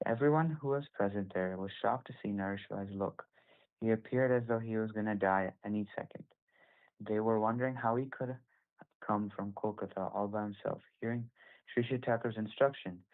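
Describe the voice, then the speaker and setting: A man with a fairly low voice reads a devotional story aloud to a small group, at a steady pace and stopping now and then to correct a word. The sound is thin and phone-like, as if it comes through a call. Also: moderate pace. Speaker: reader at a group scripture session. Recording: tinny phone-like call audio.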